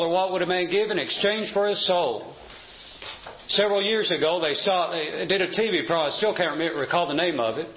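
Male preacher, high voice, deliberate sermon delivery, echoey lo-fi church sound. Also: a little hiss or hum. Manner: measured preaching, slows to stress scripture. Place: church assembly hall. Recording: echoey, slightly dull church recording.

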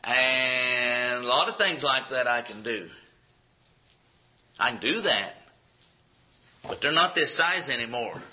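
A man's voice: medium pitch, expressive, takes it slowly, long pauses. A man preaching a sermon in a folksy, conversational way with acted asides. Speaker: pastor. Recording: dull lo-fi recording.

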